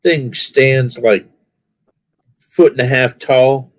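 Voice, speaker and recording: A man's voice: medium pitch, slow, dry recording, poor audio. Easygoing man telling anecdotes. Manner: relaxed, rambling anecdotes with fillers. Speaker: podcast panelist. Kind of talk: casual chat.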